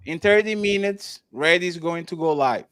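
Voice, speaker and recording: A man's voice: fairly high pitch, normal speed, fairly bright tone, smooth, no echo. A man hosting a live-streamed talk show, chatting loosely, stumbling over restarts and thanking viewers by name. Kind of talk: casual live-stream chat.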